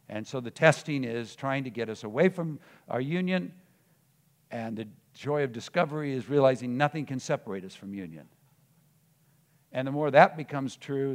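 A man preaching a sermon, moving from soft musing to loud emphatic declarations, often repeating words as he searches for the next phrase. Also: medium pitch. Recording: long hall reverb.

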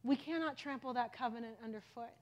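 A middle-aged woman preaching a sermon with passion, moving from loud exhortation to hushed intensity. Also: a little high, fast talker, dull audio. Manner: impassioned, swings from loud exhortation to soft intensity.

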